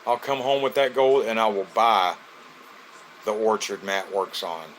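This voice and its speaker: A man's voice: on the low side, fairly even intonation, a little slow, a little hiss or hum. A man, from Florida, hosting a casual live stream, greeting viewers by name in a loose, joking way.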